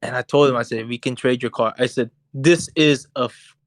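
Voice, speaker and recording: A young man co-hosting a podcast, telling a story in a casual, animated, profane way and acting out what people said. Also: mid-range voice, a little fast, no echo. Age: young adult. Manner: animated, profane, acts out quotes. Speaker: podcast co-host. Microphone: podcast mic on voice chat.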